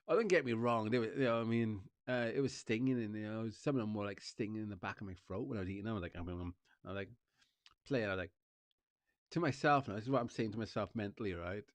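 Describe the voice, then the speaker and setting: A Welsh streamer and vlogger chats casually to his viewers in a fairly low voice, talking quickly on a dry recording. He rambles, repeats himself, keeps saying "you know what I mean" and laughs often.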